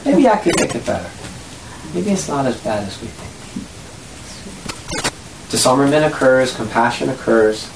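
Lively spiritual teacher leading a group lesson, laughs a lot, acts out voices, roomy echo, steady hiss behind. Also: medium pitch, takes it slowly, gravelly, pauses often.

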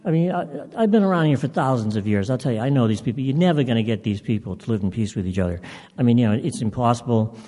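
A man's voice: mid-range voice, animated, dark tone, natural voice. Grumpy old genie, as a man puts him on. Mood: scoffing. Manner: gruff, dismissive, hurried. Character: grumpy ancient male genie, impatient. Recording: long hall reverb.

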